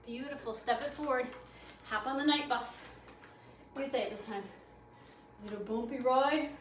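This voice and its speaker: A woman's voice: fairly high pitch, normal speed. A woman yoga instructor calling out poses in a guided class, upbeat, playful and encouraging, slightly out of breath. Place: library program room. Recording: echoey room, mic at a distance, faint noise.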